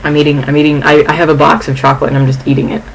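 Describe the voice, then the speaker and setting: A woman's voice: low voice, level tone, slight background noise, low-quality recording. Shaken, angry young woman vlogging. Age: young adult. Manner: agitated, halting, restarting sentences. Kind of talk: casual vlog. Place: dorm room.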